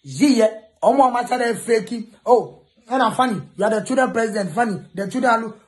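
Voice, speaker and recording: A man's voice: very high-pitched, animated, brisk. A Ghanaian man ranting in a taunting way, mixing English, pidgin and Twi. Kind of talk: ranting video message.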